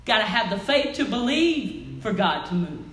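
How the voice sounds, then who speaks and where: A woman preaching a sermon in a church, swinging from loud calls to near-whispers. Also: medium pitch, sing-song, normal speed. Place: church sanctuary. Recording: echoey church with faint noise.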